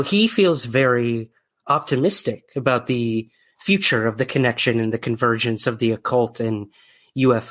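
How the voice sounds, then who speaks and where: A man's voice: mid-range voice, fairly bright tone. Podcast host guy, mid voice, lots of uh and um, friendly. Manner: friendly, hesitant with many fillers. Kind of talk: podcast interview.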